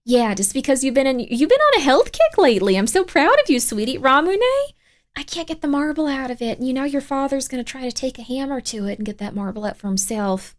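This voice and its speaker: Picture a fussy, over-caring soccer mom who coos and dotes on her kids in a sugary voice that swoops up high. A young woman puts her on with a playful impression. The voice sits high and keeps fussing without pause. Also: sing-song. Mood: doting. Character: doting, fussy middle-aged soccer mom.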